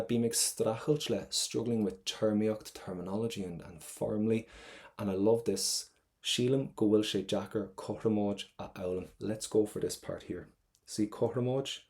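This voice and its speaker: A man's voice: fairly low pitch, vocal fry, dark tone. A young Irish man teaching an online exam prep class, upbeat and playful, explaining step by step.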